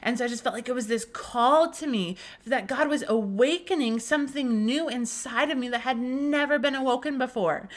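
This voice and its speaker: A young woman with a somewhat high voice hosts a casual faith podcast. She tells a personal story earnestly and emotionally. Her speech is full of restarts and fillers. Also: normal speed, hardly any pauses. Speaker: podcast host.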